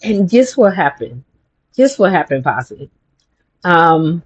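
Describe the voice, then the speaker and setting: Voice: mid-range voice, slow, pauses often, breathy edge. Chatty spiritual vlogger, dull lo-fi sound. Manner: chatty, rambling, animated storytelling. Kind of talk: casual motivational vlog.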